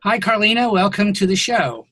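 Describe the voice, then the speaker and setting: A man's voice: high voice, lively intonation, normal speed, dry recording. Hesitant man hosting a video podcast. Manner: hesitant, many ums, warm thanks. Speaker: podcast host. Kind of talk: casual video-call interview. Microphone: video call.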